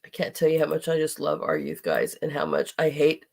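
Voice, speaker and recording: A woman's voice: sits low, big pitch swings, a little fast, creaky, darkish tone. A middle-aged woman hosting a podcast, speaking in an impassioned, indignant monologue and at times near tears. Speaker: podcast host.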